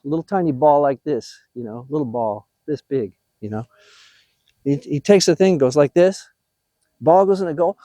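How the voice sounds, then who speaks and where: An older man giving a motivational talk to new youth soccer coaches, animated and encouraging, often checking in with his listeners. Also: a little high, moderate pace, no room sound, clean studio sound.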